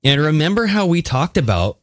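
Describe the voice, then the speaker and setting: A man co-hosting a podcast in casual chat, talking in an animated, conspiratorial way as he reads out and reacts to news. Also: on the high side, fairly quick, no room sound, studio quality. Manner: animated, conspiratorial, mixes reading with jokes. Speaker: podcast co-host.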